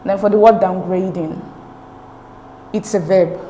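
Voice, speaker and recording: A woman's voice: medium pitch, fairly even intonation, unhurried, mellow. A woman working through English exam questions as a tutor, explaining them step by step with a patient manner and checking in with "okay?". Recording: echoey room with faint noise.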